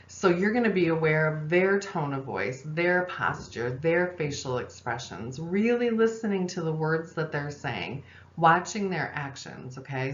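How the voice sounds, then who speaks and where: A woman with a low voice gives a recorded parenting lesson, calm and explanatory. She pauses on fillers and checks in with "okay?" The room is echoey and the sound is dull and lo-fi. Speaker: parenting instructor and social worker.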